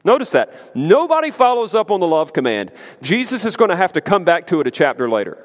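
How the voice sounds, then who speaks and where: A man preaching a sermon as pastor, emphatic and conversational, with lively asides to the congregation. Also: sits high, brisk. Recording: long hall reverb.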